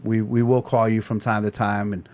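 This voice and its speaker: A man's voice: lowish voice, flat delivery, normal speed, a little mellow. A man hosting a podcast in casual chat, loose and joking, swearing freely. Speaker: podcast host.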